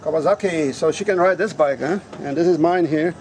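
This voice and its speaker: A man talking to camera outdoors in a casual, rambling vlog, blunt and quick to swear. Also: a little high, slight background noise. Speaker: vlogger. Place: outdoors at a resort in a town.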